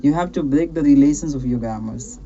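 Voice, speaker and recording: A man with a fairly high, mellow voice talks fairly quickly on a muffled recording with slight background noise. As an English speaking coach on a practice call, he gives casual advice encouragingly and repetitively, peppering his speech with "right?" and "you know".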